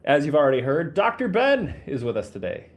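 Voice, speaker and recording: A man's voice: on the high side, wildly swooping pitch, fairly quick. A man hosting a podcast with a casual, chatty manner, laughing often and joking at his own expense. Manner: laughs often, self-deprecating banter. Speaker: podcast host, physician.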